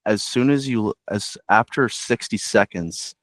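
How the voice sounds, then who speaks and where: A man's voice: lowish voice, unhurried, dry recording. A man guest on a call, talking casually about his sales habits with many fillers. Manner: relaxed, uses filler "like". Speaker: insurance agent guest. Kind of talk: casual chat.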